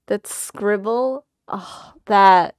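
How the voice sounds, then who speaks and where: Slow-talking woman reacting emotionally. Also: medium pitch, background noise. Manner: exclamatory, emotional, slangy. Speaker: music reaction host. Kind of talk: casual reaction commentary.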